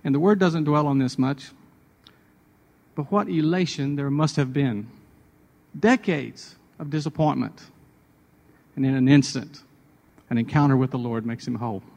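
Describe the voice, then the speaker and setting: A man's voice: mid-range voice, normal speed, gravelly, long pauses, a little mellow, long reverb tail. A man hosting a radio devotional, telling personal anecdotes in a chatty way before drawing a sermon point. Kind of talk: conversational devotional storytelling.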